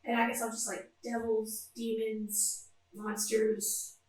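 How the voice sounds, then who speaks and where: A woman's voice: on the high side, monotone, slow pace, a little mellow, heavy reverb. A woman playing a tabletop game, chatty and full of "like" fillers. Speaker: player. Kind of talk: casual tabletop play.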